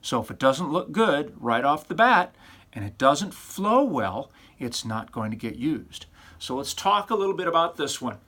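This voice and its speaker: A man, a college professor, giving recorded feedback to his students in an over-animated, teasing way, throwing in rhetorical questions and silly exaggerated voices. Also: a little high.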